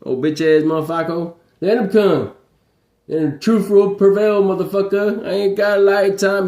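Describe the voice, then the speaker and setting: A man's voice: high-pitched, unhurried, long pauses, roomy sound. A man rambling on a livestream, swearing constantly and laughing between heated stories. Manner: profane, animated, laughing storyteller. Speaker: livestream host.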